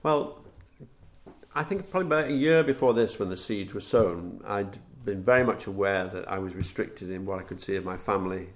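A middle-aged man, a former footballer, recalling anecdotes in a relaxed interview, chuckling at his own stories. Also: low-pitched, a little fast. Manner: warm storyteller, chuckles at his own tales.

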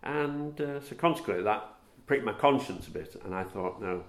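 A middle-aged man, a former footballer, recalling anecdotes in a relaxed interview, chuckling at his own stories. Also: lowish voice, moderate pace. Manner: warm storyteller, chuckles at his own tales.

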